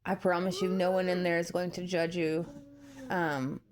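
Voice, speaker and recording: A woman's voice: on the low side, level tone, moderate pace, crowd noise. Tearful young woman, child noise behind. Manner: tearful, heartfelt, rambling with many fillers. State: near tears. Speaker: vlogger. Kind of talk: emotional personal commentary. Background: child yelling nearby.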